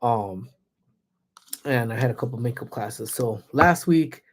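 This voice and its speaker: Slightly hoarse man chatting on a livestream. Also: mid-range voice, a little slow. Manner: chatty, greets chatters by name, laughs often. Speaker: livestreamer who also teaches classes. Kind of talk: casual livestream chat reading viewer comments.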